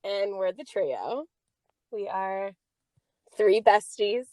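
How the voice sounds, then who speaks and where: A woman's voice: medium pitch, lively intonation, slow pace, warm tone, no room sound. A young woman co-hosting a podcast in casual chat, giggly, often chiming in. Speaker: podcast co-host.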